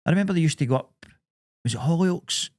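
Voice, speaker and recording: Laid-back sweary Scottish lad. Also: male voice, a little high, expressive, fast, darkish tone, dry recording, clean studio sound. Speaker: podcast co-host. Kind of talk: casual chat.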